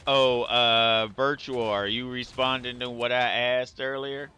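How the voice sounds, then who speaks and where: Bright-voiced male game streamer. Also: mid-range voice, measured pace, a little hiss or hum. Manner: relaxed, answers chat while eating. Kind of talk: casual live-stream chat.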